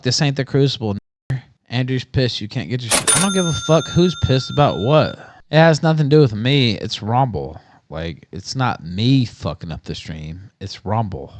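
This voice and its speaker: A man's voice: mid-range voice, animated, moderate pace, no echo. A stressed livestream host, a man, ranting angrily and combatively with heavy swearing. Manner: combative, swears heavily, yells. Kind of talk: angry profane rant.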